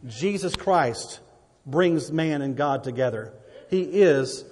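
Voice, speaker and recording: A man preaching a sermon in a church, his somewhat high voice carrying a long reverb from the hall. He speaks emphatically and repeats words as he presses his point. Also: lively intonation, takes it slowly, a little mellow. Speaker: pastor.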